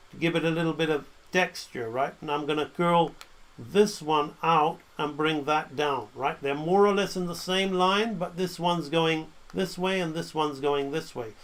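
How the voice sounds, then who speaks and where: A man teaching animation drawing, talking through each stroke as he draws and often checking in with "right?". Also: a little high. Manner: talks while drawing, frequent "right?" checks. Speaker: animation instructor. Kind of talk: drawing tutorial narration.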